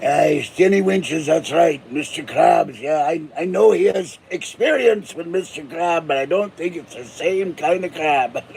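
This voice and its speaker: A man's voice: fairly high pitch, unhurried, creaky, few pauses, darkish tone, slight background noise. An older man from Pittsburgh, a channel host rambling through jokes and tall tales in a casual monologue. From Pittsburgh, USA. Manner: joking, chuckling, tall tales.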